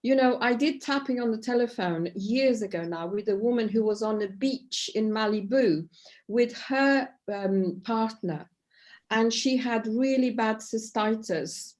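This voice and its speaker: A woman's voice: on the high side, unhurried. Woman leading a tapping workshop by video call. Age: middle-aged or older. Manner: warm and encouraging, with frequent "okay?" checks. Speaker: EFT tapping workshop leader.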